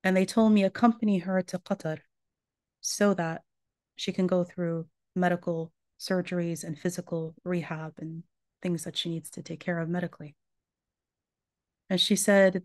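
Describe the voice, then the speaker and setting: A woman's voice: on the low side, fairly even intonation, moderate pace, darkish tone, dry recording. A woman giving a religious lecture, earnestly retelling a survivor's story in her own words.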